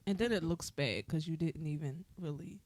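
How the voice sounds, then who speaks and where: A woman co-hosting a podcast, talking in an animated, rambling way and laughing often. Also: low-pitched, moderate pace, dry recording. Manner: animated, laughs often, talks in run-on asides. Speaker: podcast co-host. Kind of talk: casual chat.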